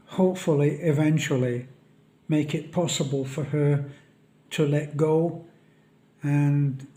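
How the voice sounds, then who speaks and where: A man speaking a solemn, halting vlog monologue on a death in a friend's family. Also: a little high, dark tone. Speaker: vlogger. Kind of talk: reflective monologue.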